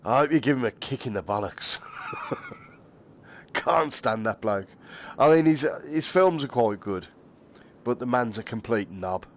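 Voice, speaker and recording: A man's voice: medium pitch, animated, unhurried. A man chatting casually to viewers while streaming a game, laughing often and swearing lightly. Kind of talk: casual live-stream chat.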